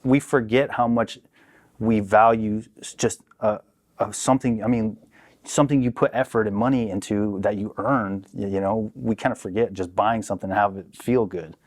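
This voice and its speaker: A young man telling a story on a podcast in a casual, profane, animated way, acting out what people said. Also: on the low side, moderate pace. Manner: profane, animated, acts out quotes. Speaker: podcast guest.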